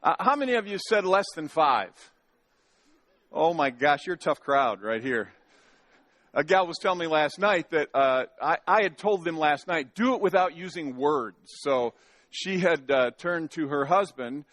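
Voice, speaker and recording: A man's voice: on the high side, expressive, moderate pace, a bit bright, no room sound. A male pastor preaching a sermon in a church, folksy and joking, often restarting his sentences. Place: church sanctuary.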